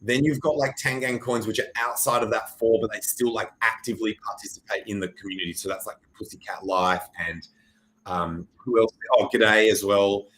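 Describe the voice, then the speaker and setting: An Australian man hosts a livestream, talking through crypto charts in casual commentary that's rambling, jokey and profane. His voice is lowish, steady and a bit bright, at normal speed, in a rough recording.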